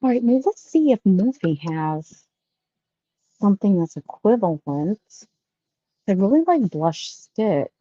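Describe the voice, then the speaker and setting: A woman's voice: mid-range voice, sing-song, takes it slowly, mellow, no echo, dull audio. A woman vlogging casually while she shops in a store, chatty and rambling with folksy sayings. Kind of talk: casual shopping vlog.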